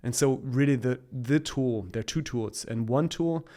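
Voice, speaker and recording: A man talking as a podcast guest in a casual, upbeat way. He coaches more than he lectures, and his voice sits at an ordinary middle pitch. He laughs easily between points. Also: normal speed, dark tone.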